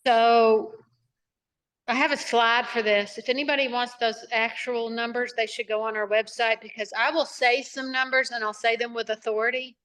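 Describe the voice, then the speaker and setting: A woman's voice: on the high side, steady tone, moderate pace, fairly bright tone. A middle-aged woman, a nonprofit founder, answering interview questions over a video call in a chatty, rambling way full of asides and fillers.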